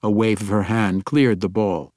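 A man with a fairly low voice narrates a fantasy audiobook in a measured, even storytelling manner, recorded dry with studio quality.

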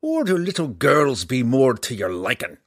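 A man's voice: medium pitch, very animated, moderate pace, slightly rough, no echo, studio quality, voice pushed up. A man doing a roaring, growling dwarf warrior. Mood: taunting. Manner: growling, brogue-like turns of phrase. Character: gruff stubborn male dwarf warrior.

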